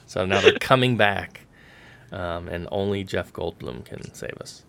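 Low, creaky, and measured in pace, this man's voice carries a laid-back podcast chat. As co-host, he rambles along easily, leaning on lots of fillers.

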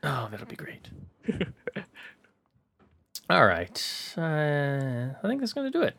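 A man hosting a podcast, speaking in a relaxed way with hesitant fillers. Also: fairly high pitch, slow pace, vocal fry. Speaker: podcast host. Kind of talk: casual podcast chat.

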